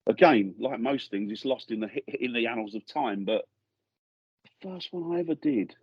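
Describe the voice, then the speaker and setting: A man's voice: medium pitch, normal speed, breathy edge, no room sound, highs cut off. A middle-aged man from England, a guest in a podcast studio, telling ghost-hunting stories in a rambling way that keeps restarting sentences. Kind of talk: casual storytelling interview.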